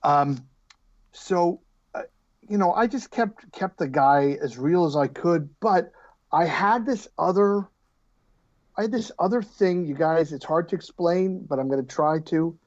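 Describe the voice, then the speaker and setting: A man in his fifties, an actor guest on a casual podcast interview, telling stories in an animated, joking way and often restarting his sentences. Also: on the high side, a little slow, lo-fi sound.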